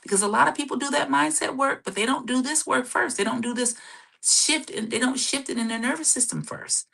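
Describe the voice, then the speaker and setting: Gravelly, husky woman therapist teaching. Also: high-pitched, a little fast, a bit bright. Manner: repetitive, checks in often with "okay?". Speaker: therapist and show host. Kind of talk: teaching talk with guided exercise.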